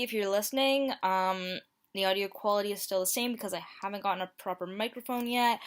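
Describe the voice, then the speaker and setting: Bright, playful woman reading dating messages. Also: medium pitch. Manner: playful, self-mocking, reads messages aloud. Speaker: YouTuber. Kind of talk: casual vlog commentary. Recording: home mic, plain audio quality.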